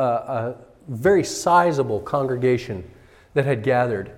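A man's voice: medium pitch, a little mellow. A male pastor preaching a sermon in a conversational way, sometimes acting out what people in the story say. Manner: conversational, acts out characters' voices. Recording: hall reverb.

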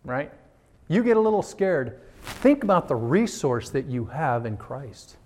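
A man preaching a church sermon in a slightly high voice. He is animated, swings into the voices and prayers he quotes, and sounds like a pastor speaking to his congregation. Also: moderate pace.

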